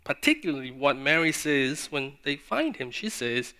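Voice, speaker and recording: A man preaching a sermon in an earnest, questioning way, pausing for emphasis. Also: mid-range voice, sing-song, sharp tone, smooth.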